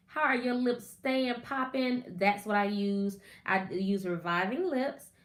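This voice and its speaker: Chatty woman host in an echoey room. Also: mid-range voice. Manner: chatty, greets viewers by name. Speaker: podcast host. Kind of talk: casual live-stream talk.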